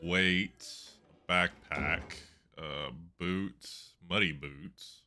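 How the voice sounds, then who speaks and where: A man's voice: low voice, very slow, sharp tone. A man streaming a reaction, casually guessing aloud and sounding bemused.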